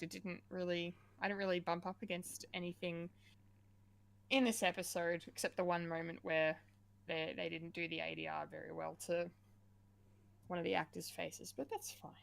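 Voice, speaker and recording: A woman co-hosting a casual pop-culture podcast, chatty and quick to laugh, with lots of fillers. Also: lowish voice, steady tone, vocal fry, a bit bright. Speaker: podcast co-host.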